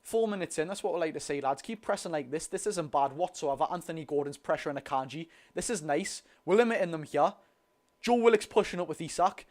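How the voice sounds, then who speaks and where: A young man with a Geordie accent doing a live watch-along of a football match, chatty and excitable, talking to his viewers. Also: a little high, fast. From North East England. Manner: excitable, chatty, talks to the chat and the lads. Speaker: football fan streamer.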